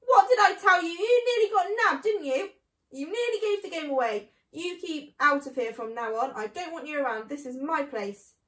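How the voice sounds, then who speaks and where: A woman's voice: expressive, normal speed, few pauses, a bit bright, reverberant, poor audio. A woman voicing a bossy male rat who shrieks and scolds, for a storybook reading. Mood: scolding. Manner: shrill and scolding.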